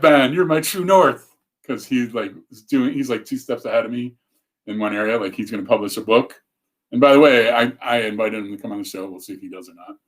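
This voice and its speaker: This is a man hosting a casual livestream in a slightly low voice. He talks in a loose, rambling way. He cuts himself off and picks the thread up again. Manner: rambling, self-interrupting, chatty. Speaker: show host.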